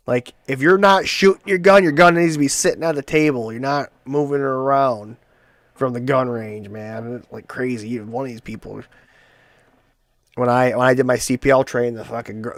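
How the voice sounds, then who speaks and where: A man's voice: medium pitch, a bit bright, no room sound. Male solo host, casual and rambling, with a lot of swearing and a dry, close sound. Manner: rambling, swearing, restarts often. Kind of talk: casual chat.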